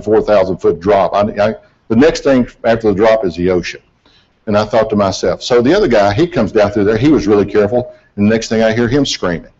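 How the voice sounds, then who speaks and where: A man's voice: lowish voice, darkish tone. Folksy man telling a field story. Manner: folksy storytelling, self-deprecating. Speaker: accident investigator. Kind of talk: presentation to an audience. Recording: dull lo-fi hall recording.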